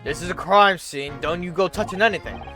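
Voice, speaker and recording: A man voicing a gruff, sardonic police inspector in a video game, grumbling dryly. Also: high-pitched, fairly quick, music in the background, natural voice. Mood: grumpy.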